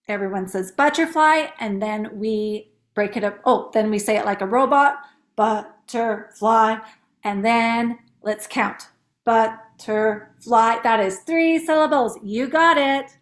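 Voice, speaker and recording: A woman teacher chatting casually and upbeat, explaining how she teaches young kids to count syllables. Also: fairly high pitch. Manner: chatty, upbeat, demonstrates words slowly in syllables.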